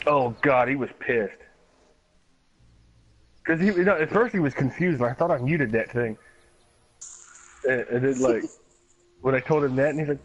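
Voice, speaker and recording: A man's voice: medium pitch, moderate pace, long pauses, rough recording. Profane man telling laughing anecdotes. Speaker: gaming streamer. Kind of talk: casual storytelling while gaming.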